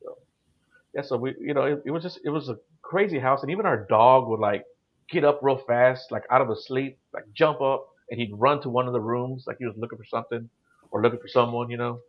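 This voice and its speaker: A man's voice: medium pitch, fairly quick, muffled recording. A middle-aged man telling his paranormal experiences in a casual, rambling way, full of "you know" and "like". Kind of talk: casual storytelling on a call-in show.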